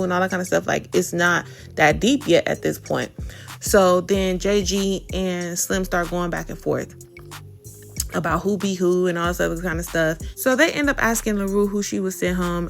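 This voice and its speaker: Sassy gossiping woman with gravelly voice. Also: mid-range voice. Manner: sassy gossipy storytelling, AAVE slang. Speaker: reality TV commentary host. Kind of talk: casual recap commentary.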